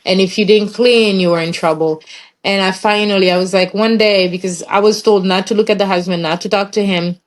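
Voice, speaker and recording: A woman's voice: medium pitch, steady tone, brisk. Woman telling her life story with feeling. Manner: acts out the voices of people in her story. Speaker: interview guest. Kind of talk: emotional personal storytelling.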